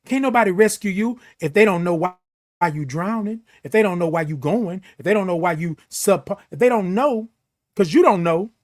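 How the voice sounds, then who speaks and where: A man's voice: sits high, lively intonation, brisk. A middle-aged man hosting a morning live show, giving an emphatic, preachy pep talk that repeats key phrases and reads viewer comments.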